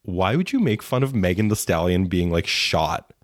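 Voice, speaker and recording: A man's voice: deep voice, big pitch swings, normal speed, dry recording, clean studio sound. A man co-hosting a casual chat, snarky and ranting, swearing freely. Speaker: podcast co-host.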